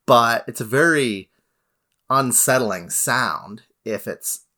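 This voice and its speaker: A Canadian man co-hosting a podcast, chatting in a relaxed, rambling way with many fillers. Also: medium pitch, slow. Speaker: podcast co-host. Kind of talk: casual podcast chat.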